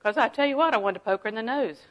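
A middle-aged woman preaching a sermon, folksy and animated, often laughing and dropping to a hush for asides. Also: on the high side, racing, dull audio. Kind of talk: sermon with personal stories.

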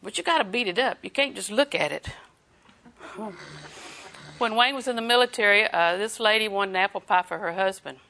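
Older lady preaching, bright voice, chatty and folksy, laughs a lot. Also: medium pitch, fairly quick, pauses often, slight background noise. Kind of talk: sermon.

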